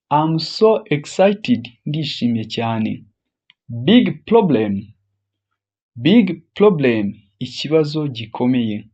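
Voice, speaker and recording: A language teacher runs a phrase drill, saying each English phrase twice, slowly and deliberately, then translating it. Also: medium pitch, a little mellow, breathy edge, dull audio.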